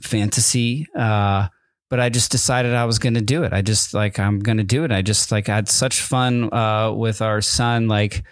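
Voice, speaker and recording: A man's voice: on the low side, steady tone, normal speed, no room sound, studio quality. A man hosting a podcast in casual chat, reading listener messages and rambling with many fillers and restarts. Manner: rambling, hesitant, self-interrupting with fillers. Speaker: podcast host.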